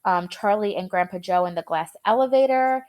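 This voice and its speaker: A woman's voice: mid-range voice, moderate pace, darkish tone. A young woman teacher reading a chapter aloud to her students and explaining words in a casual, chatty way.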